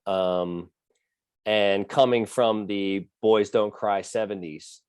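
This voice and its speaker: Low-voiced man telling a story, dry sound. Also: fairly even intonation, a little mellow, clear, resonant tone, no room sound. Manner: halting, filler-heavy, fatherly. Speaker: podcast co-host. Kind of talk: casual personal storytelling.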